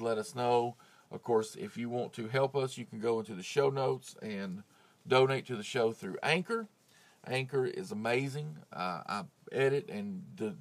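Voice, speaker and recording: A man hosting his own podcast, recorded in a home closet on a phone with a clip-on mic, talking in a casual, profane rant that swings into loud, heated outbursts. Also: medium pitch. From United States. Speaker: podcast host. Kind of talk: casual ranting monologue.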